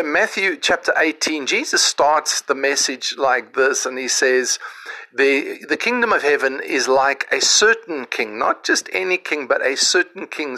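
A man's voice: on the high side, bright, forceful tone, rough recording. A man hosting a podcast, giving an informal devotional message outdoors and retelling a parable in a conversational way with frequent restarts. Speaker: podcast host and preacher. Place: outdoors on a riverside property.

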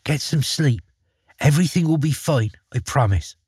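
A man's voice: on the high side, expressive, moderate pace, a little mellow, slightly rough, no room sound, studio quality, voice pushed up. A man reading a storybook and voicing a brave young boy who reassures his frightened sister. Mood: hushed. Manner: soothing, reassuring.

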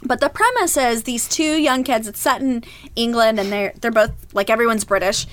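A woman's voice: on the high side, normal speed, fairly bright tone, slight background noise. A woman co-hosting a podcast, chatting casually and enthusiastically and laughing often. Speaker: podcast co-host. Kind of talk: casual chat.

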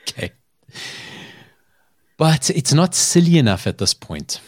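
A man's voice: on the high side, huge pitch swings, takes it slowly, husky, no echo, clean studio sound. A man hosting a podcast, telling a story in a chatty way and laughing often. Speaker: podcast host. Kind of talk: casual chat.

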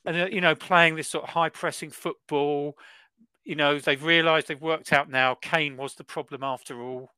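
A man co-hosting a football podcast, ranting in an exaggerated, animated way. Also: a little high, moderate pace, smooth, no room sound. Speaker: podcast co-host. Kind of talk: casual football chat.

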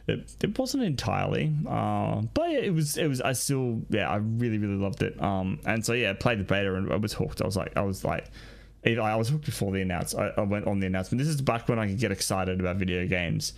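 A young man talks through listener questions on his own podcast, rambling loosely and swearing freely. His voice sits low with a gravelly rasp running through it. He laughs at himself as he goes. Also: animated, a little fast. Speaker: podcast host.

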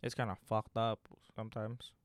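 A man's voice: lowish voice, little pitch movement, moderate pace, dry recording. A young man from the Philippines with a slight Filipino accent, co-hosting a casual podcast chat, joking and swearing freely. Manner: joking, swearing, laughs often. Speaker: podcast co-host.

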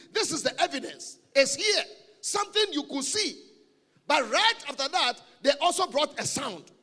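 Invited as a guest preacher at a church gathering, this very high-voiced man delivers a lively, humorous sermon, hammering home key phrases by repeating them. A large hall's long reverb surrounds his voice.

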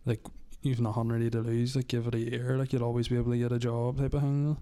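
A young man with a mid-pitched voice talks on a podcast. He speaks hesitantly, often trailing off with "like". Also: flat delivery, fast talker, mellow. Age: young adult. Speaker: podcast co-host. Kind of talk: casual chat.

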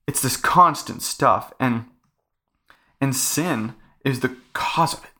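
A man's voice: mid-range voice, slow pace, sharp tone. A young man hosting a casual faith podcast, talking earnestly in a rambling way full of fillers. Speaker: podcast host.

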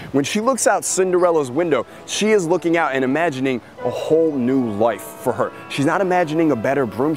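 A man hosting a podcast, giving an emphatic motivational marketing talk and acting out characters as he tells stories. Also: medium pitch. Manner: emphatic storytelling, acts out characters. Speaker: podcast host.

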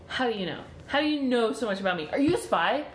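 A woman's voice: on the high side, animated, quick pace, close to an everyday voice. A woman playing a defensive, awkward, overthinking character in a tabletop game. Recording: echoey room, faint noise.

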